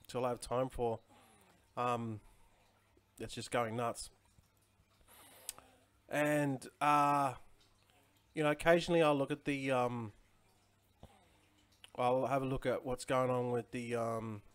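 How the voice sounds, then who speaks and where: A man in his forties chatting casually on a livestream, rambling with lots of fillers and greeting viewers by name. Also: medium pitch. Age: 40s. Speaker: crypto livestream host. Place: home in Chiang Mai.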